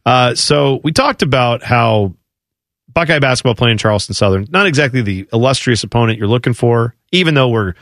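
A man hosting a casual sports talk radio show, chatty and bantering quickly with his co-host. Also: medium pitch, expressive, a bit bright, dry recording, studio quality. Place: radio studio. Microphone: studio microphone.

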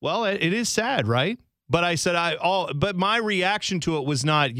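A man's voice: high-pitched, moderate pace, no room sound, studio quality. A man co-hosting a sports radio show, chatting casually and telling stories with little impressions. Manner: lively, animated storytelling with impressions. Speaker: radio co-host.

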